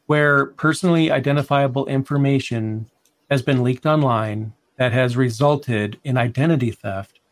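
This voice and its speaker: A man's voice: medium pitch, moderate pace, slight background noise. A man co-hosting a casual tech podcast, talking in an emphatic, conversational way and often repeating words as he starts a sentence. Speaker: podcast co-host.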